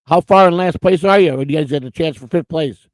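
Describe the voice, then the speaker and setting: A man's voice: a little high, fast, dry recording, low-quality recording. A man co-hosting a casual livestream chat, telling long rambling stories and often repeating words. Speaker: co-host.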